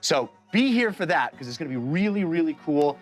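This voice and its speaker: A man hosts a tabletop game stream, closing out the episode with laughter and rambling thanks. His pitch moves in a lively way and he trips over his words, while faint music plays behind him. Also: brisk. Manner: animated, laughing, full of fillers. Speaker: game master and host. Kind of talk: tabletop game show wrap-up.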